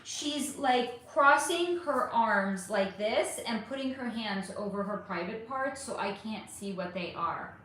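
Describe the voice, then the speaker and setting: A woman's voice: fairly high pitch, animated, a little slow, hardly any pauses, fairly bright tone, heavy reverb, slight background noise. A woman hosting a casual livestream, chatting and rambling through viewer questions with many fillers. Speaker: livestream host. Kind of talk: casual livestream chat answering viewer comments.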